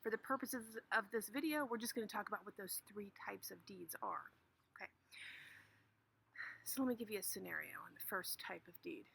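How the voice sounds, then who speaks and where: A woman's voice: medium pitch, fairly quick, gravelly, fairly bright tone, husky, low-quality recording. A woman lawyer playfully explaining legal basics outdoors, self-mocking and casual.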